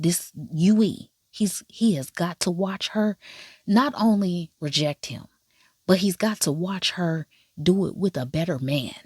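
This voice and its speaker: Sassy low-voiced woman, dry sound. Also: no echo. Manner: animated, profane, sassy. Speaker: drama reviewer. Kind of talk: casual watch-along commentary.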